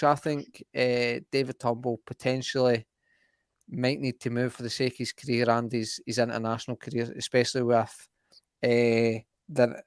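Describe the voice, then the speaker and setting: A man's voice: mid-range voice, darkish tone, clear, resonant tone, no room sound. Man, casual football podcast, rambly, restarts a lot, dry close sound. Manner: rambling, restarts often, laughs easily. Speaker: podcast co-host.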